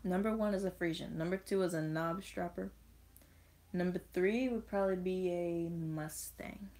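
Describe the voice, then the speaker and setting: A woman's voice: on the low side, moderate pace, darkish tone. A young woman chatting casually as she unboxes toy horses, rambling and reading bits of text aloud. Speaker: vlogger.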